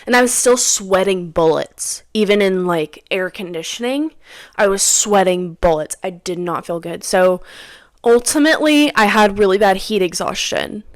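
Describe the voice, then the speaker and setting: A woman's voice: mid-range voice, normal speed, no echo, clean studio sound. A young woman hosting a podcast, telling a personal story in a casual, rambling way and often repeating her own phrases. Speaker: podcast host.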